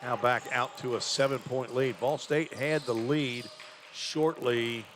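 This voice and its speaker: A man's voice: mid-range voice, fairly even intonation, a little slow, a bit bright, slight background noise. Man calling college basketball play-by-play. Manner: conversational, thinks aloud about stats. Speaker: play-by-play announcer. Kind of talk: live basketball commentary.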